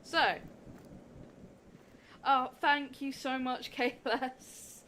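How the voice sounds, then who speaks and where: A woman's voice: high-pitched, little pitch movement, drawn-out words, bright, forceful tone, a little hiss or hum. A young adult woman streaming a game, chatting casually with a giggly, effusive and rambling manner. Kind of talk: casual gameplay livestream chat.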